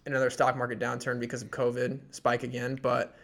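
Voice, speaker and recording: Gravelly-voiced man explaining stock picks. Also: mid-range voice, monotone, fast talker, a bit bright. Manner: rambling and explanatory, full of fillers. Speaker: podcast co-host. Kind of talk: casual chat about stock picks.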